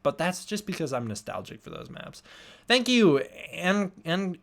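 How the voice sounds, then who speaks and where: A man's voice: high voice, sing-song, moderate pace, vocal fry, a bit bright. Rambling young man chatting on livestream. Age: young adult. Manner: rambling, reads and answers chat. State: tired. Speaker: livestream host. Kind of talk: casual livestream chat.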